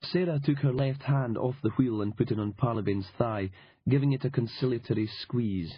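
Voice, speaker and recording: A man narrating an audiobook in a dry, wry and measured manner. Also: medium pitch, husky, no room sound. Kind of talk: scripted narration. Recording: dull lo-fi audiobook recording.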